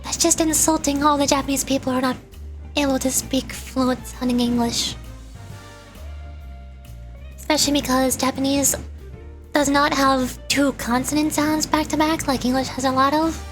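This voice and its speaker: A woman's voice: sits high, steady tone, moderate pace, long pauses, faint music behind. A young woman VTuber chatting casually and rambling between lines while voice acting a game, laughing often. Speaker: VTuber streamer.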